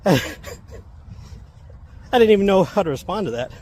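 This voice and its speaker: Brief: casual vlogger man, soft-spoken and wry, slightly higher voice, recorded outdoors with faint traffic behind. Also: lively intonation, normal speed, pauses often. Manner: self-described soft-spoken, wry and amused. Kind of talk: casual storytelling. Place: outdoors on a walk.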